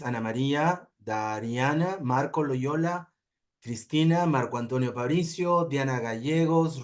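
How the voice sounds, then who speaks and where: A man hosting an online meeting, warmly calling on participants by name. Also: mid-range voice. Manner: friendly, calls on participants by name. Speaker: meeting host. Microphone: video call.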